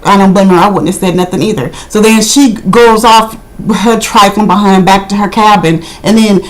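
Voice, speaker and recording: A woman's voice: mid-range voice, normal speed, poor audio. A woman casually recapping a reality TV episode, indignant and gossipy, with lots of "I mean". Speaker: video reviewer.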